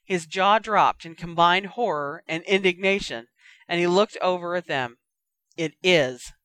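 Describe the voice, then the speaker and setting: A woman narrating a story in an even, measured reading. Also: fairly low pitch, dry recording. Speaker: audiobook reader.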